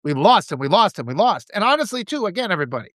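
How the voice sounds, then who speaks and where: A man's voice: high-pitched, very animated, racing, fairly bright tone, no room sound. A man giving an impassioned political monologue, ranting and mimicking opponents in mocking voices. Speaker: political commentator.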